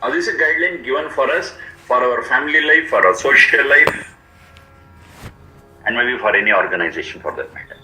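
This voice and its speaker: A man teaching a scripture, explaining each word slowly and repeating its meanings. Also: medium pitch, expressive, sharp tone, roomy sound, low-quality recording. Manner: slow, repetitive word-by-word explanation. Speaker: Vedic teacher. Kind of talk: explanatory lecture.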